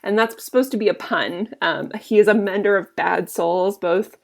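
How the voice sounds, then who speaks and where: A woman's voice: mid-range voice, normal speed, creaky. A woman teacher casually walking students through a play scene, explaining lines with frequent fillers. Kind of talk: recorded lesson explaining a play.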